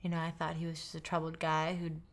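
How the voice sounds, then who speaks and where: Young woman, low voice, halting and hushed. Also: monotone. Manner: halting, quiet, often dropping toward a whisper. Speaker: interviewee. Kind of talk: documentary interview testimony.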